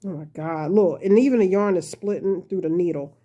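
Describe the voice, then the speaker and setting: A woman's voice: on the low side, fairly quick, dark tone. Chatty woman hosting a crochet lesson. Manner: chatty, frequent laughter, self-deprecating; addresses viewers as y'all. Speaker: crochet tutorial host. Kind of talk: casual talk-through tutorial.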